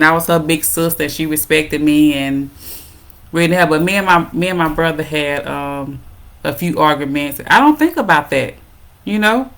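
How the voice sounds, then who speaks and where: A middle-aged woman talks straight to her viewers as the host of a parenting show. Her voice sits a little low, and her delivery is casual, heartfelt and encouraging. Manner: warm encouraging, addresses viewers as "y'all".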